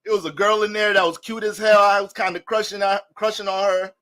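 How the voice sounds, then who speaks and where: A man's voice: sits high, flat delivery, fairly quick, bright, forceful tone. A man giving a casual astrology talk that drifts into joking, profane storytelling, speaking loosely to his viewers as family. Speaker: astrology reader.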